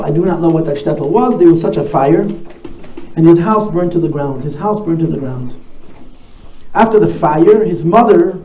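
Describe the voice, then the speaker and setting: A man giving a talk as a rabbi, telling stories in an animated way and repeating key phrases. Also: on the high side. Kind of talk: storytelling talk at a gathering. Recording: echoey room, faint noise.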